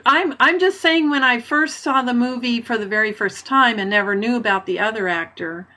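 A woman's voice: fairly high pitch, moderate pace, bright, forceful tone. A woman in a casual movie-review chat, speaking thoughtfully and hesitantly, often restarting sentences.

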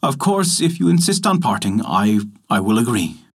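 A man voicing a gentle, good-natured male dog in a storybook tale, speaking meekly. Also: mid-range voice, sing-song, normal speed, pitched below the performer's own voice.

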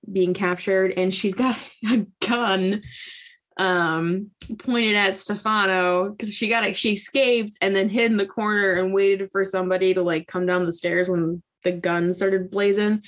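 A woman casually retelling a book plot, laughing often and acting out the characters' lines. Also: medium pitch. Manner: laughing, animated retelling with acted-out quotes. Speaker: podcast co-host recapping a book. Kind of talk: casual chat.

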